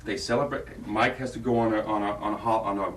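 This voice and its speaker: A man's voice: lowish voice, steady tone, fast talker, a bit bright, slight background noise. A man directing an audition, explaining a scene to an actress in a rambling way with many restarts. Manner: rambling, restarts, acts out lines. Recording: roomy, distant from the mic.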